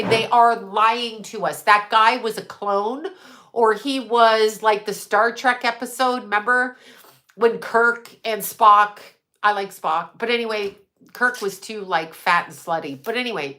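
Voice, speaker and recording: A woman's voice: medium pitch, bright, forceful tone. A woman hosting a casual livestream from her desk mic, rambling and conspiratorial, swearing and answering chat as she goes. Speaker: livestream host. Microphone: desk microphone.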